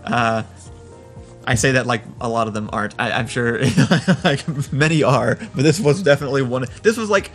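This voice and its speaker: A man's voice: mid-range voice, normal speed, soft background music. Wry man telling an anecdote. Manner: wry, laughs while telling. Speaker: podcast co-host. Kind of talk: casual storytelling chat.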